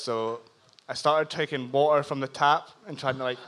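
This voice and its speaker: A man's voice: mid-range voice, fairly even intonation, normal speed, a bit bright, a little hiss or hum. A man from Scotland with a Scottish accent, telling a self-deprecating comic story on stage at a live show in a bar. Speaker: audience member telling a story. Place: live comedy bar venue.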